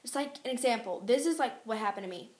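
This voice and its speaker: A teenage girl vlogging in a casual, exasperated rant, chatty and quick to complain. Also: fairly high pitch, animated, a little mellow. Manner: ranting, exasperated, fast and chatty. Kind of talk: casual chat to camera. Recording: echoey room.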